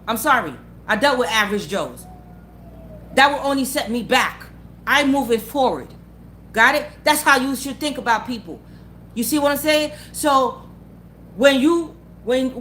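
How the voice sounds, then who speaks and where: A motivational vlogger with a high, fairly bright voice goes on an unscripted, blunt and profane rant, with a little hiss or hum in the recording. She repeats her points and keeps asking the listener again and again whether they follow and agree.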